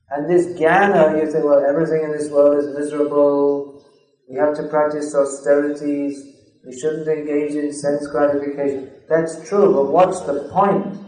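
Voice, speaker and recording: Man lecturing slowly in an echoey hall. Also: a little high. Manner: measured, drawn-out emphasis with Sanskrit recitation. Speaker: spiritual teacher. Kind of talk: lecture on scripture.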